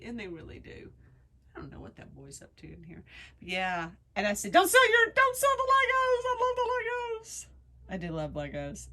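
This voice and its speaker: A middle-aged woman, chatting in a casual home vlog, gushing and getting emotional in excited bursts, recorded on a handheld phone indoors. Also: medium pitch. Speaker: craft vlogger. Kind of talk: casual chat.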